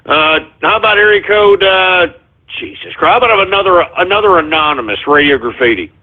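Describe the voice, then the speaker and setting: A man hosting a call-in radio show, ranting angrily and shouting. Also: high-pitched, lively intonation, brisk. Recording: tinny phone-like audio.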